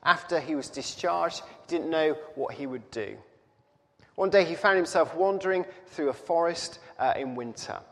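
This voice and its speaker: Man giving a sermon, slow and reflective, lots of ums, long echo from a big hall. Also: a little high. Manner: slow, reflective storytelling with pauses and fillers. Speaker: preacher. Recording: reverberant hall.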